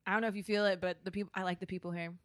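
A woman in a casual chat, reacting quickly, teasing and asking eager questions. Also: medium pitch, fairly even intonation, no echo, clean studio sound. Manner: chatty, quick to react and tease.

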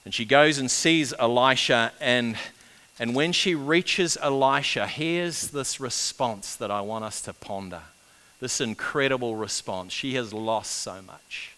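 A man preaching a sermon, swinging between loud urgent build-ups and hushed, quiet passages. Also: mid-range voice, a little slow. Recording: long reverb of a large hall.

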